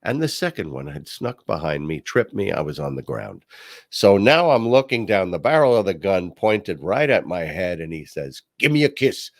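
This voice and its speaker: A man hosting a podcast, telling a personal story in a casual monologue. He acts out the quoted voices at a higher pitch and drops low and quiet on his asides. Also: sing-song, moderate pace, no room sound, studio quality. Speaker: podcast host.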